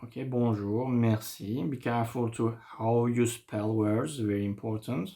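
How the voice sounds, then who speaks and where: Man with a French accent, a French teacher, unhurried and patient, mid-pitched, thinking aloud as he writes. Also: gravelly, dark tone. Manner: slow, patient, thinking aloud while writing. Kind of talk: online language lesson.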